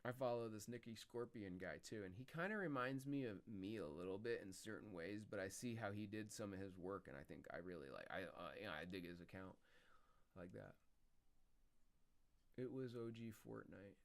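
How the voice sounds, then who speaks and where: A man's voice: on the low side, lively intonation, moderate pace, gravelly. A man rambling and musing as he chats to viewers on his live stream. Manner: rambling, musing, talks to chat. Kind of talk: casual live-stream chat.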